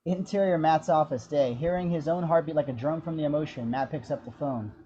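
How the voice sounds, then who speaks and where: A man narrating the action description of a screenplay in a steady, descriptive storytelling manner. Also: a little high, brisk, lo-fi sound. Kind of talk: scripted narration.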